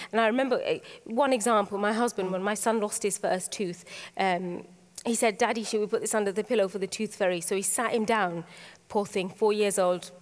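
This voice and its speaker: A woman from Britain, a guest author on stage, talking in a quick, animated way with frequent restarts as she tells personal stories. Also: mid-range voice. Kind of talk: candid conversational storytelling. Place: large conference hall on stage. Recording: long hall reverb.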